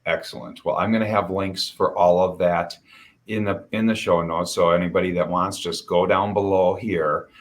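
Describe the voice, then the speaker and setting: A man with a very low voice hosts a casual interview. He is choked up and halting, repeating words as he tries to finish his thoughts. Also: fairly even intonation. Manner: emotional, halting with repeated restarts. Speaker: podcast host.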